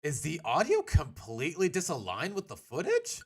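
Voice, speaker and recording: A man's voice: a little high, wildly swooping pitch, moderate pace, breathy edge. A man commentating casually while streaming a game, chatty and rambling with restarts. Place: home. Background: game music.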